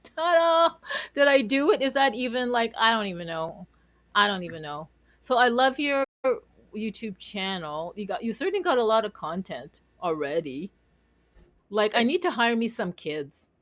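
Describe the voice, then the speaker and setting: A young woman from Canada hosts a casual livestream chat, talking in a bubbly, giggly, rambling way. Her voice sits at an ordinary middle pitch. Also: expressive, normal speed, fairly bright tone. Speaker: host.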